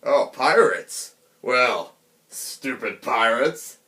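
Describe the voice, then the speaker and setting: A man's voice: medium pitch, expressive, extremely slow, sharp tone, exaggerated voice. Man doing a sneering, drawling bandit thug. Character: rude, bullying mountain bandit leader.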